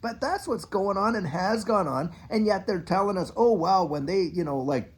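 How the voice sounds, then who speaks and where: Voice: medium pitch, normal speed. A middle-aged finance channel host ranting in a casual commentary monologue, now and then mocking officials in a put-on voice. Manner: animated, ranting, mock-quoting officials.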